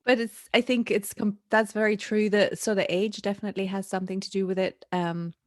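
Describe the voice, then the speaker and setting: A woman's voice: mid-range voice, flat delivery, brisk, no room sound, studio quality. A woman hosting a podcast, chatty and upbeat, who laughs often while talking. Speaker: podcast host. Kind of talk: casual podcast chat.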